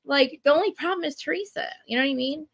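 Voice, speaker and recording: A woman ranting in casual chat, animated and profane, with many restarts. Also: high-pitched, no echo. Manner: rapid, profane, animated rant with frequent restarts. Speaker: guest commentator. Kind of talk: casual chat recapping a reality show.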